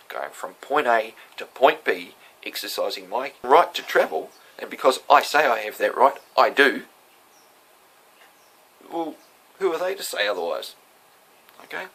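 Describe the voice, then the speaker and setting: Man in a casual monologue, emphatic and defiant, with a raspy, tense edge. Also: mid-range voice, expressive, normal speed, sharp tone, poor audio. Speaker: self-represented defendant recounting a court hearing.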